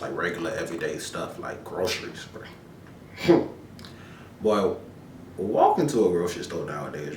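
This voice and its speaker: Man, very low voice, laid-back slangy rant, podcast host, echoey room. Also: a little hiss or hum. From Florida, USA. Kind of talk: casual solo commentary.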